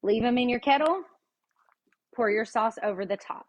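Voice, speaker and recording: A woman's voice: fairly high pitch, moderate pace. A woman hosting a casual cooking demonstration in her home kitchen, chatty and folksy, often laughing and talking straight to her viewers. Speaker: cooking show host.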